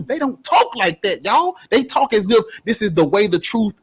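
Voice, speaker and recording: Young guy going off in a street debate, husky, high and swingy voice, cussing, preachy. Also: very animated, moderate pace, hardly any pauses. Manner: fiery, profane, preachy. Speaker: debate participant.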